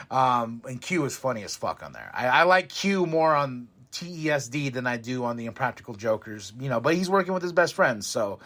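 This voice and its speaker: A man hosting a podcast, reviewing a wrestling show in a rambling, excitable way, laughing often and swearing freely. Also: fairly high pitch. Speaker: podcast host.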